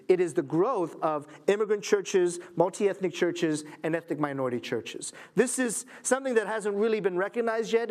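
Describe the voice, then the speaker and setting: A man's voice: sits high, darkish tone. A man lecturing a church audience, earnest and emphatic, with wry asides. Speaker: lecturer at a Christian school.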